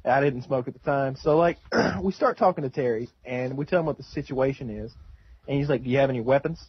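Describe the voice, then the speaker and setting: A man's voice: medium pitch, a little fast, husky, muffled recording. A man telling a long anecdote in casual chat, rambling with restarts and a wry tone. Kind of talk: casual storytelling.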